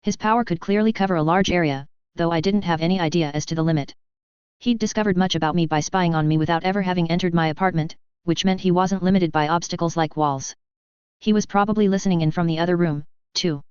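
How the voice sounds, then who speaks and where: Smooth low-voiced woman reading a story. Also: fast talker, a little mellow, dry recording, highs cut off. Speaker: reader. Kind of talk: audiobook reading of fan fiction.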